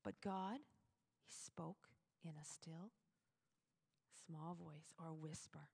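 A woman giving a chatty, animated devotional talk to other women, with sudden loud emphasis on key words. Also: low voice, slow, creaky, husky. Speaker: devotional speaker. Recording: long hall reverb.

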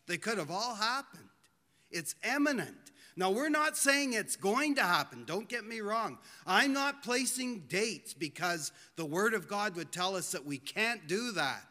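A man preaching a sermon in a church, earnest and pleading, slowing down to stress his points. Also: sits high, sing-song, pushed and bright. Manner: earnest, pleading, slows for emphasis. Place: church hall. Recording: long hall reverb.

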